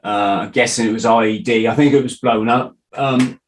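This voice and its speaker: A man's voice: mid-range voice, steady tone, moderate pace, rough recording. A middle-aged man hosting a podcast, talking in a loose, rambling way with restarts and the odd swear word. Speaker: podcast host. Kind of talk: casual interview chat.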